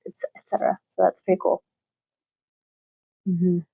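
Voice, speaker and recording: Woman, poetry teacher, low-ish creaky voice, dry close sound, hesitant and thoughtful. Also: little pitch movement, normal speed, mellow, no room sound. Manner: thoughtful, with frequent fillers and restarts. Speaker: literature teacher. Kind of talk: casual interview talk.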